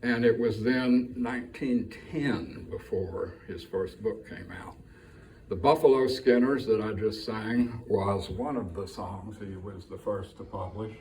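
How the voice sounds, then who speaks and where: A man introducing songs at a live showcase, telling their backstory in an unhurried storytelling way. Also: fairly low pitch, a little mellow, distant mic, rough recording. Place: live music showcase venue, indoors.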